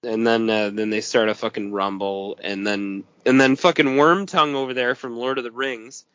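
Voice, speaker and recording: A man's voice: mid-range voice, moderate pace, smooth, no echo, dull audio. A man co-hosting a podcast in casual chat, cursing often and laughing. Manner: profane, laughing, animated. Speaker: podcast co-host.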